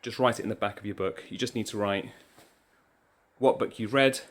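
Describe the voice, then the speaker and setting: Walking from room to room indoors at a school, a male primary teacher delivers upbeat instructions for a remote lesson, a little breathless as he goes. He speaks briskly in a lowish voice, and the audio carries a slight hiss or hum.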